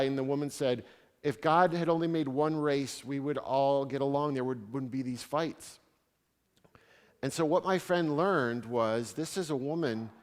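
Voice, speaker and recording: A man speaking as a visiting theologian, answering audience questions with stories and wry asides. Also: medium pitch. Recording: reverberant hall sound.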